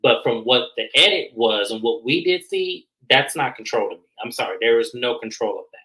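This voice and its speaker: A man co-hosting a casual reality TV recap, acting out quotes in an animated way. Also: a little fast, poor audio. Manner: animated, acts out quotes with raised pitch. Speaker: recap show co-host. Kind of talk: casual review chat.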